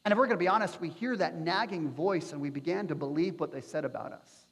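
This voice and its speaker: Brief: high-pitched male pastor preaching in a church with a long reverb, animated delivery. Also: fast talker, breathy edge. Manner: animated, acts out quotes with playful asides. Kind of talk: sermon. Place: church sanctuary.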